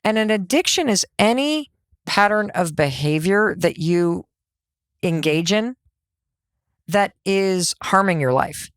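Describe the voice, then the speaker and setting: Energetic woman podcast host, dry studio sound. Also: mid-range voice, slow, clear, resonant tone, no echo. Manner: energetic, conversational, rhetorical questions. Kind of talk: motivational podcast monologue.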